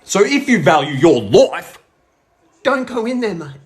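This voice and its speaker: A man's voice: high voice, very animated, unhurried. Aussie guy swearing his way thru funny countdowns, bouncy up and down delivery. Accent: Australian. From Australia. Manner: brash and sweary, slangy. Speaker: comedy content creator. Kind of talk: comic countdown commentary.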